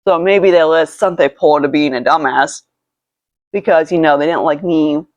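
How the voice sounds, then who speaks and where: A beauty vlogger does her makeup while chatting casually in a low voice at a moderate pace. She rambles through a story, swearing a lot and restarting often, and the recording is dull, lo-fi, and dry with no echo.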